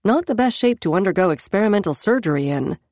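A woman narrating an audiobook in a measured, even storytelling manner. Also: medium pitch, dry recording. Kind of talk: scripted narration.

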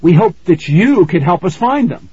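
A man's voice: high voice, very animated, moderate pace, husky, pitched above the performer's own voice, full character voice. A man doing a scared, insistent young boy. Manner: shouting, insistent. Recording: slightly muffled recording.

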